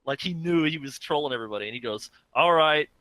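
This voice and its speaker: A man co-hosting a casual gaming podcast, telling stories with animated reenactments of crowd reactions. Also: medium pitch, rapid-fire, dry recording. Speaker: podcast co-host.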